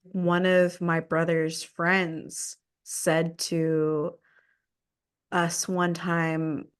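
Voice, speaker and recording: A woman's voice: lowish voice, level tone, drawn-out words, clean tone. A woman podcast host telling a personal story in an earnest, emphatic way. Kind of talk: casual conversation.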